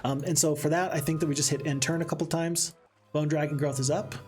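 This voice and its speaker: A man streaming a strategy game live, chatting and reading viewer comments aloud, with sudden excited outbursts. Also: fairly high pitch, fast talker, soft background music.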